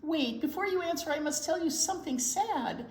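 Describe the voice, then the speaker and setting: A woman's voice: very high-pitched, animated, normal speed, pitched above the performer's own voice. Woman doing a vain French-flavored snail. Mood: mock sad. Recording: echoey room.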